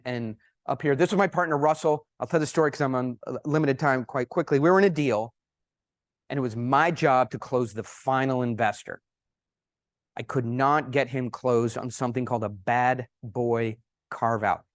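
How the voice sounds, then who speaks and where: A man giving a conference presentation, telling anecdotes in an animated, emphatic way. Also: mid-range voice, no echo, studio quality. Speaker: conference speaker. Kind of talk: presentation with storytelling.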